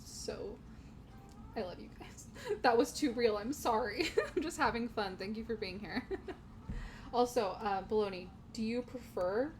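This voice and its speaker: A woman's voice: mid-range voice, a little hiss or hum. A young woman chatting casually to her viewers while streaming a game from home, laughing often. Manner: giggly, chatty, talks to chat. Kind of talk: casual gaming stream chat. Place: home room.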